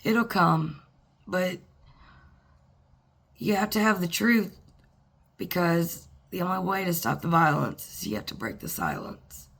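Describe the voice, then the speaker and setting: A woman talking to the camera in a personal, reflective monologue, halting and earnest, with pauses and sighs. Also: lowish voice, lively intonation, creaky, fairly bright tone, slightly rough. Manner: earnest and plainspoken. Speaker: vlogger.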